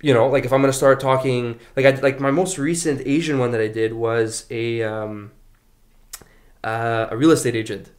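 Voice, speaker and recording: A man who is a guest on a casual podcast, relaxed, thinking aloud and searching for his words. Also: mid-range voice, moderate pace. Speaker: podcast guest, internet comedian.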